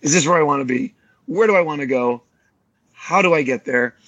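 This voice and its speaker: A man with a slightly raised, husky voice talks through martial arts ideas on a podcast, slipping into other people's voices as he tells a story. His sound is close and dry, with no room around it. He asks himself questions aloud and answers them in a loose, talky way. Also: on the high side, brisk, no room sound, muffled recording. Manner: animated storyteller, acts out other people's lines. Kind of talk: casual podcast conversation.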